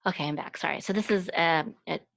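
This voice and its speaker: Teaching Hebrew letter by letter, a woman patiently walks through each sound in a slow lesson, chanting some phrases in a sung voice. Her voice is on the low side, fast and creaky, with a fairly bright tone.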